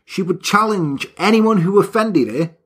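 A man's voice: high-pitched, animated, moderate pace, a bit bright, husky. A man hosting a podcast, telling a crime story from a script in a wry, jokey way. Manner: wry, jokey, slips into silly put-on voices. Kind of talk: half-scripted storytelling with banter.

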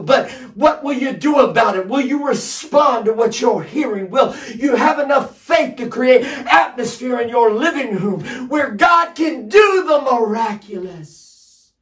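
A man pastor preaching a sermon, building to loud shouted emphasis on repeated lines. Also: extremely high pitch, distant mic. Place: streamed service addressed to home viewers.

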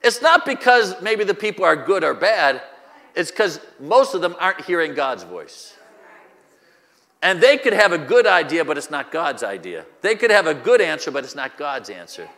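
A man's voice: fairly high pitch, big pitch swings, normal speed, sharp tone, long reverb tail. A male pastor preaching a sermon, using rhetorical questions and repetition, recorded in a church.

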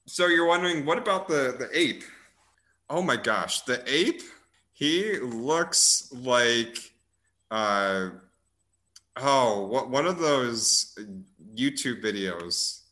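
A man's voice: mid-range voice, animated, takes it slowly, sharp tone. A young man casually chatting about movies as a host, rambling and amused, with frequent restarts and filler words. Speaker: podcast host reviewing movies. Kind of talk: casual chat.

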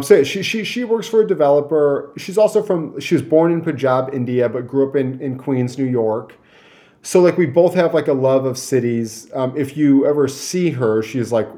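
A man's voice: mid-range voice, darkish tone. A young man from Michigan, a guest telling a story in casual chat, rambling with many fillers and restarts.

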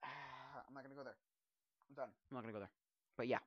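A man in a casual commentary, mumbling through a passage he reads aloud, then ranting loudly and mocking people in put-on voices. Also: medium pitch, fairly even intonation, fast talker, breathy edge, dry recording, lo-fi sound.

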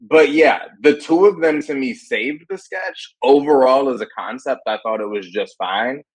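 A man's voice: medium pitch, normal speed, breathy edge, low-quality recording. A man talking as a podcast panelist, enthusiastic and loose, with lots of filler words. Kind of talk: casual chat.

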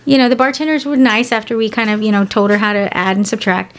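A woman's voice: medium pitch, fairly even intonation, fast. A woman from San Antonio, Texas, co-hosting a podcast in casual chat, rambling with lots of fillers and cheerful swearing. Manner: chatty, profane, many fillers and restarts. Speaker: podcast co-host.

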